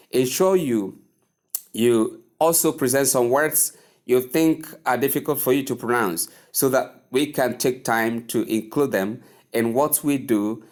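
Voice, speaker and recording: Slow, deliberate male pronunciation teacher. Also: mid-range voice. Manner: slow and deliberate, repeating words for learners to echo. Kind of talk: pronunciation lesson.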